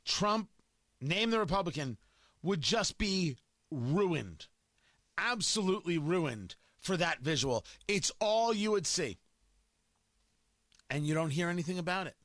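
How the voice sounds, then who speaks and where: A man's voice: high voice, expressive, a little slow, pauses often, fairly bright tone, no echo, clean studio sound. A man hosting political commentary, combative and emphatic, firing off rhetorical questions and repeating points for effect.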